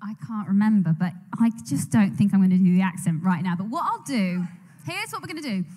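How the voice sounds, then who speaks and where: A young woman tells a meandering story on a panel stage, her voice mellow and soft-edged. She laughs easily and trails off mid-sentence. The sound carries a long reverb from a large hall. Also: mid-range voice, lively intonation, brisk. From England. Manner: rambling, laughs often, trails off and restarts. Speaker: actress on a convention panel. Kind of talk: casual storytelling. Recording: echoey convention hall on a mic.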